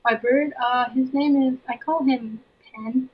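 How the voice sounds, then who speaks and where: A woman chatting casually over a voice call, giggling often and reacting quickly. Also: sits high, fairly even intonation, husky, muffled recording. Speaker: guest. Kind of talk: casual chat.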